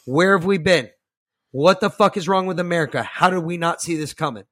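Guy hosting a podcast, kinda high voice, cussing and bragging, reading stuff out then yelling, dead dry mic. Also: fairly quick, no echo. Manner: profane, boastful, swings from muttering to loud outbursts. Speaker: podcast host. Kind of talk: ranting podcast chat, reading an article aloud.

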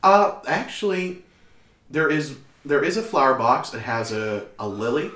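A man's voice: medium pitch, unhurried, fairly bright tone, roomy sound. A man narrating a tabletop game as game master, playful and descriptive.

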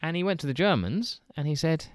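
A man's voice: fairly high pitch, lively intonation, a little fast, no echo, clean studio sound. A man co-hosting a podcast, telling a story in a rambling, amused way and laughing as he goes. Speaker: podcast co-host. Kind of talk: casual storytelling chat.

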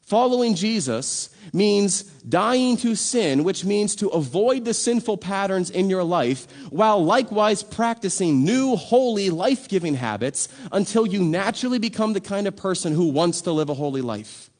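A man's voice: sits high, lively intonation, normal speed, hardly any pauses, a little mellow. A man preaching a sermon in a conversational, emphatic way, full of rhetorical questions. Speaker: pastor.

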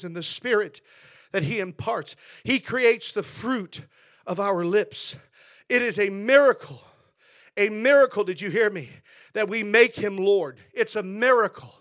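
A male pastor preaching in a church sanctuary, with a very high voice and a bright, forceful edge. He swings from shouted declarations down to near-hushed asides, pressing every line with passion. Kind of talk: sermon.

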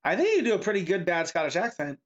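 A man co-hosting a comic book podcast, chatting in a relaxed, agreeable way. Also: high-pitched. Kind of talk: casual chat.

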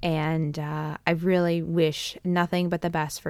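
A woman's voice: low-pitched, level tone, unhurried, vocal fry, few pauses, clean tone, dry recording. A woman hosting her own podcast, chatting casually with lots of ums and a friendly sign-off. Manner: chatty, many ums, warm wrap-up. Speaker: podcast host. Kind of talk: solo podcast talk.

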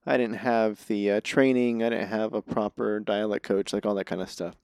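A man's voice: fairly low pitch, level tone, moderate pace, darkish tone, clear, resonant tone, no echo, studio quality. A man, an actor and comedian, telling stories as a guest in a casual interview, rambling and self-deprecating, often laughing.

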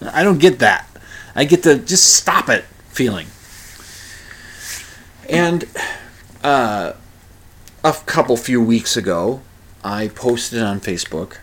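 A middle-aged man hosting a podcast in a casual monologue, rambling with many fillers and restarts. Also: lowish voice. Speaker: podcast host.

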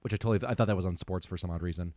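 A man co-hosting a podcast in casual chat, animated and rambling, swearing freely and filling with "like". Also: low voice, racing, no room sound, clean studio sound. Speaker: podcast co-host.

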